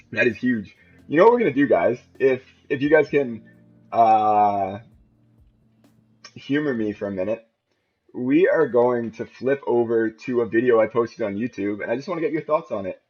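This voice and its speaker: A man giving chatty, excitable live commentary on his own game stream. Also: medium pitch. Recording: muffled mic with faint music.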